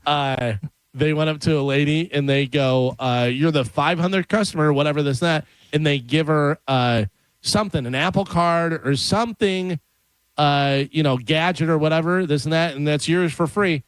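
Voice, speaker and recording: A man's voice: fairly high pitch, normal speed, clean tone, no room sound, low-quality recording. A man hosting a radio show, chatting casually, telling stories with acted-out voices and reading odd news items. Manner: animated storytelling, acts out quoted voices.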